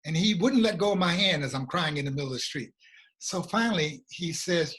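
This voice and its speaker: An American guest who works as a regional coordinator tells a personal story in conversation, sounding earnest and reflective and slowing down at emotional moments. His voice is a bit high-pitched and a bit bright.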